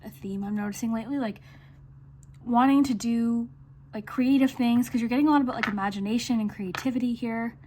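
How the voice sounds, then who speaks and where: A woman doing a relaxed tarot reading straight to camera, her voice sitting a little high. She talks in a chatty, reassuring flow full of little fillers. A faint hiss runs under the recording. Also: brisk. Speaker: tarot reader. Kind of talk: casual intuitive reading to camera.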